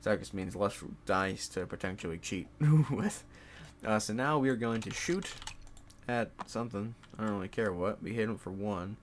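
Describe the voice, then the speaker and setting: A man's voice: lowish voice, normal speed, a little hiss or hum. A young man casually commentating his solo board game play, swearing, laughing and talking to his game pieces.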